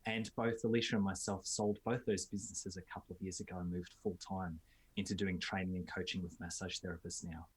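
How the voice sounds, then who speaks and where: An Australian man, a business coach, giving relaxed, fluent interview answers with filler uhs. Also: sits low, fairly quick, slightly rough.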